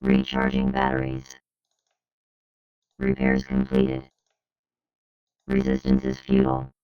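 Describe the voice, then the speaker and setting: A man voicing a cold robotic male computer voice in a game, with a flat synthetic monotone. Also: very deep voice, slow pace, clean tone, highs cut off.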